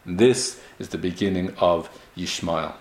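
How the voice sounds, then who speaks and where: A man's voice: low-pitched, steady tone, a little slow, roomy sound. A man giving a recorded Torah class, explaining verses with rhetorical questions and frequent restarts. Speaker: Torah teacher.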